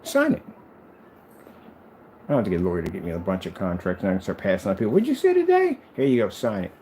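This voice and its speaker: A man rants in a casual vlog, boastful and taunting toward his critics. His pitch rises and falls in lively swings. A faint background hiss runs under his voice. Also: quick pace. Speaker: projector screen maker.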